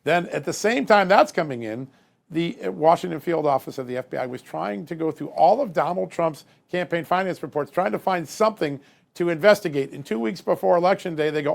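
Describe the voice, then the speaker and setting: A man's voice: a little high, expressive, a little fast, vocal fry. A man giving emphatic political commentary as a guest, building his points with rising force.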